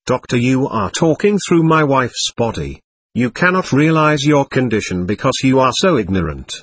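Man reading a stern, patient male doctor, husky, lectures steadily. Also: medium pitch, very animated, moderate pace, no room sound, clean studio sound. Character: calm, firm male doctor questioning a spirit. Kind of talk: reading a séance transcript aloud.

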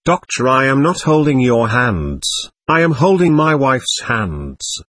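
Man reading a stern, patient male doctor, husky, lectures steadily. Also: medium pitch, sing-song, unhurried, a bit bright, no echo, studio quality. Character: calm, firm male doctor questioning a spirit. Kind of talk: reading a séance transcript aloud.

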